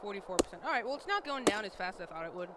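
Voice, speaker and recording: A woman's voice: medium pitch, animated, rapid-fire. A young woman casually commenting while playing a video game, chatty and profane, talking to her character. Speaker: gaming video host. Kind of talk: casual let's-play commentary. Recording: noisy audio with loud game ambience.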